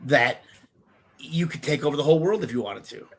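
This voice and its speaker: A man's voice: fairly high pitch, animated, a little fast, rough recording. A middle-aged man, a guest on a podcast, chatting casually and telling profane stories while acting out the voices of the people he quotes. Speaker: podcast guest, pro wrestler and former wrestling coach.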